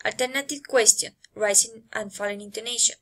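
A woman reading pronunciation drills aloud, placing each word slowly and carefully. Her voice sits a little high. The reading is steady and deliberate. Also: poor audio. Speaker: English learner.

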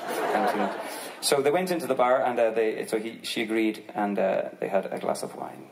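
Irish guy chatting a story to the crowd onstage, lowish voice, live gig audio with audience murmur and noise. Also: moderate pace, vocal fry, rough recording. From Ireland. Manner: relaxed, joking, chatty, swears casually. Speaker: singer on stage. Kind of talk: storytelling between songs at a live concert. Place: outdoor concert stage.

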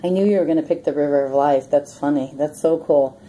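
A woman's voice: deep voice, a little fast, mellow, a little hiss or hum, low-quality recording. A woman hosting a casual prayer and meditation vlog, chatty and rambling, who often breaks into laughter. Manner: chatty, rambling with many ums. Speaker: host of a prayer and meditation channel.

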